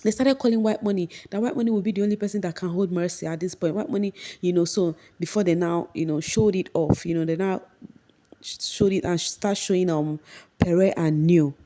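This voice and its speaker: Young Nigerian woman, casual recap host, animated storytelling, lowish pitch, warm mellow tone. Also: a little fast, a little hiss or hum. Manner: animated retelling, acting out quotes in a high voice. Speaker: reality show recap host. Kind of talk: casual commentary.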